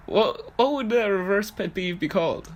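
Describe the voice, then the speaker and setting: A man co-hosting a podcast in casual, teasing chat, laughing often. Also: high-pitched. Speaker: podcast co-host. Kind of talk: casual chat about fantasy sports.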